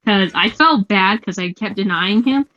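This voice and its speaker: A young woman hosting a casual gaming chat, telling a story in an animated, giggly way. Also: mid-range voice, moderate pace, no echo. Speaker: host. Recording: lo-fi muffled mic.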